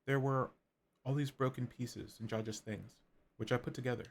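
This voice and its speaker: A man voicing an earnest grown daughter talking gently with her mother in a video game, over game music. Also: medium pitch, fairly even intonation, moderate pace, creaky, background noise, natural voice.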